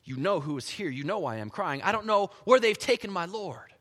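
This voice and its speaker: A man preaching a sermon, voicing a confused, grieving adult woman who pleads quickly. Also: high-pitched, very animated, fairly bright tone, heavily acted. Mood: pleading. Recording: long hall reverb.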